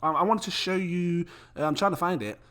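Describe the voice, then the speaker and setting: A man giving a casual, animated to-camera talk about crypto, full of rhetorical questions. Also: high-pitched, fairly quick. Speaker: crypto YouTuber.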